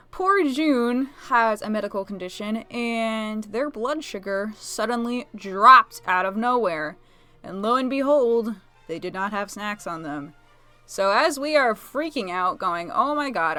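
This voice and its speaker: Chatty, giggly woman with a bright voice. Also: a little high, dry recording. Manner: chatty, giggly, animated asides. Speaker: video creator. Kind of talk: storytelling while painting. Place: home, talking to her pet bird.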